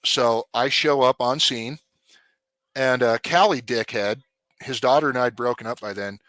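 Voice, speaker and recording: A man's voice: medium pitch, normal speed, no room sound. A man, a former police officer, telling his story in a casual, blunt and profane way. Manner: blunt, profane, animated retelling.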